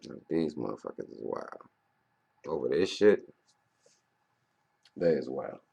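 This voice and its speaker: A man in his thirties giving a profane, rambling casual monologue as a vlogger, breaking into loud animated outbursts. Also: rumbling low, unhurried, creaky, breathy edge. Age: 30s.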